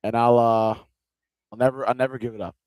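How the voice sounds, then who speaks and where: A man's voice: medium pitch, flat delivery, fairly quick, a little mellow, dry recording, poor audio. Chatty male fight-stream commentator, dry sound. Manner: chatty, rambling, repeats himself. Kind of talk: casual live watch-along commentary. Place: seated in a gaming chair at home.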